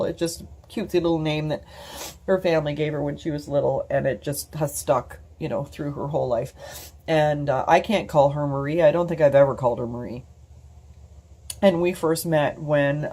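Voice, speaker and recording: A woman's voice: low voice, dark tone, breathy edge. A woman in her fifties, telling a personal story on her vlog in a rambling way, full of fillers, restarts and casual swearing, into her computer's mic at home. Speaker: vlogger.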